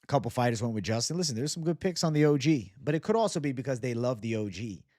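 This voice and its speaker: A man's voice: mid-range voice, animated, quick pace, a little mellow, no echo, studio quality. Profane bro-talking male stream host. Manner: loose, profane, bro-talk. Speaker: livestream host. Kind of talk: casual livestream chat reading viewer comments.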